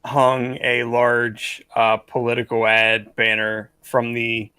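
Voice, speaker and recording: A man's voice: medium pitch, monotone, slow pace, sharp tone, clean tone, no room sound. A man co-hosting a casual podcast chat, telling a story in a rambling way, full of "like"s. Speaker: podcast co-host.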